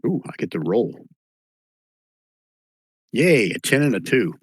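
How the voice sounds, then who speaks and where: A man's voice: medium pitch, slow, breathy edge, dry recording. A man narrating as game master of a tabletop game, calling for rolls and describing the scene. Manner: relaxed narration with small restarts, calls for rolls.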